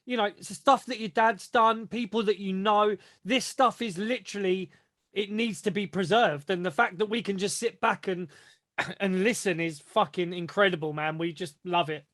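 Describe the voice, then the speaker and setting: A man's voice: high-pitched, steady tone, normal speed, fairly bright tone. A man hosting a podcast, chatting casually and enthusiastically, swearing freely. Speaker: podcast host. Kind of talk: casual chat.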